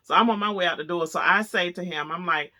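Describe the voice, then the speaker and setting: A woman vlogger telling a story to camera, chatty and animated, laughing as she goes. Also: lowish voice, fast.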